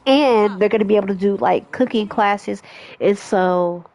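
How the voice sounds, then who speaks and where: A woman's voice: medium pitch, normal speed, gravelly, darkish tone. A woman giving casual, rambling commentary as she plays a life simulation game, with frequent restarts and asides to her viewers. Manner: chatty, rambling with restarts and self-corrections. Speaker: gaming vlogger.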